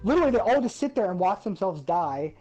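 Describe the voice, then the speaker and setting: A woman's voice: medium pitch, quick pace, breathy edge, soft background music. A woman ranting about a game in casual chat, swearing freely and getting worked up. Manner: profane, ranting, animated. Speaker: gaming podcast host.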